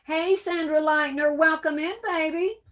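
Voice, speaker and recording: Woman, crafting livestream host; warm pet names for viewers, sneezing between comments. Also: high-pitched, fairly even intonation, measured pace. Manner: affectionate, calls viewers baby and darling. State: sneezing and coughing. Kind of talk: casual livestream chat reading comments.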